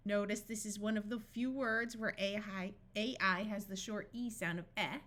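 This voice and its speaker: A woman teaching a phonics lesson, slowly sounding out letters and words one at a time with careful, deliberate delivery. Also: medium pitch, steady tone, fairly bright tone. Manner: slow and deliberate, stretching out each sound. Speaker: phonics tutor.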